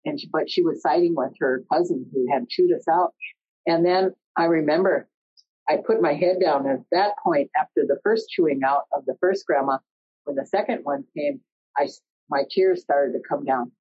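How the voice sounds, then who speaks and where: A middle-aged woman telling a personal story in an earnest, conversational way, often pausing mid-sentence. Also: low voice, husky. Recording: dull lo-fi recording.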